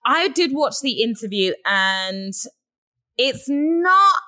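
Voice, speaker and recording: A woman's voice: high-pitched, sing-song, takes it slowly, bright, forceful tone, dry recording. English woman with a dry close sound. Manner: reads gossip items aloud, then gives blunt opinions. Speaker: host. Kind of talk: casual celebrity news chat.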